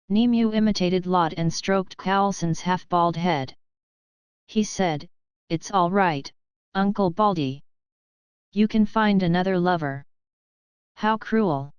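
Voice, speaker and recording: A woman narrating a novel in an even, steady way. Her voice is low and exceptionally smooth and clear. The recording is dry, with no room sound. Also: no echo. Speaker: audiobook narrator. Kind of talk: scripted narration.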